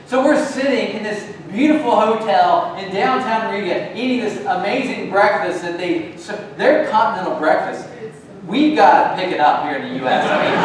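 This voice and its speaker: A man's voice: high voice, background noise. Male pastor, sermon storytelling, lots of restarts, big swings in volume, miked from afar in a very echoey sanctuary. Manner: storytelling with many restarts, animated swings from hushed to loud. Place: church sanctuary. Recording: echoey church hall from a distance.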